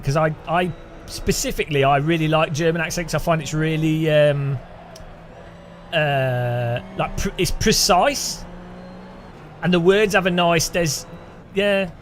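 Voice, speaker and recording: A man streams a racing game, chatting casually and rambling with a faint music bed behind him, laughing often, humming and imitating sounds. His voice is high, and there's a little hiss or hum.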